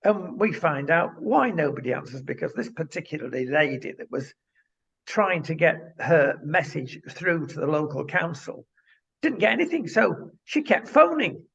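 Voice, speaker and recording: A man's voice: on the high side, expressive, moderate pace, gravelly, a bit bright, husky. A man co-hosting a talk show who speaks indignantly and addresses the viewer directly. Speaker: co-host. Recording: dull lo-fi sound.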